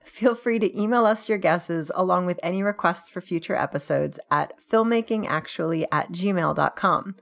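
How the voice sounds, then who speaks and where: A woman's voice: lowish voice, moderate pace, gravelly, hardly any pauses. Giggly woman hosting a podcast. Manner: giggly, playful. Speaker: podcast host. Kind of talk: casual chat.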